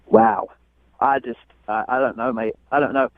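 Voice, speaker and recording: A man's voice: medium pitch, fairly even intonation, slow, dry recording. A man with a London accent calling into a radio show, defensive and exasperated, laughing it off, heard over a muffled phone line. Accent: British, London. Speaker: caller. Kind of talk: radio call-in chat.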